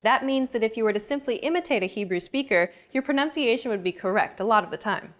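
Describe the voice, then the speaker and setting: A woman hosting a language lesson, explaining pronunciation in clear, measured scripted narration. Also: on the high side, animated. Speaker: lesson host.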